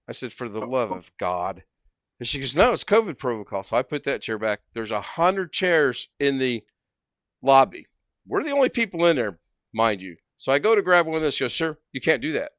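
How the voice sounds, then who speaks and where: A man hosting a livestream, telling a long story in a casual, animated way and acting out both sides of the conversation. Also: mid-range voice, normal speed, dry recording. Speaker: livestream host.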